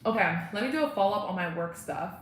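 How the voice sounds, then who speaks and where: A woman's voice: fairly low pitch, animated, fast. A young woman hosting a casual livestream from home, chatting and answering viewer comments. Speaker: livestream host. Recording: echoey room, faint ambient noise.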